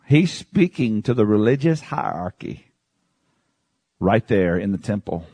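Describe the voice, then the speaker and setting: A man preaching an expository Bible sermon in a conversational way, swinging between high emphatic outbursts and low hushed asides and asking his listeners questions. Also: sing-song, unhurried, breathy edge, no room sound.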